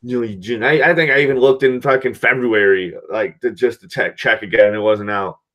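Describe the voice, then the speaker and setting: A podcast host chatting casually about a movie, rambling excitedly and swearing a lot. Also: male voice, mid-range voice, fairly quick, dull audio. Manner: excited, profane, rambling recap.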